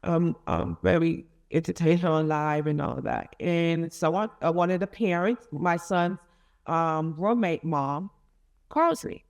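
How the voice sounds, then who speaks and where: A middle-aged woman in an interview, recounting a painful family story in a halting, emotional way with many restarts. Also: lowish voice, darkish tone. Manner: emotional, rising and falling with feeling. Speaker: interviewee, mother of a convicted son. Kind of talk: emotional personal account in an interview.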